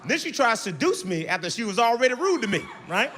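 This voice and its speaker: A young man telling a stand-up comedy story on stage, animated and acting out the people in it with big, high outbursts. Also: fast, in a large hall, soft background music. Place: comedy stage before a live audience.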